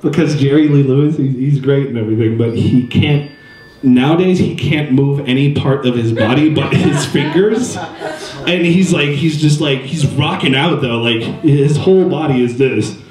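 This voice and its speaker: A man's voice: mid-range voice, normal speed, darkish tone. Rambling young man doing stand-up. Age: 20s. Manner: rambling and self-deprecating, jumping into voices. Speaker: stand-up comedian. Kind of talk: stand-up comedy. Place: live comedy venue. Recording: roomy stage sound.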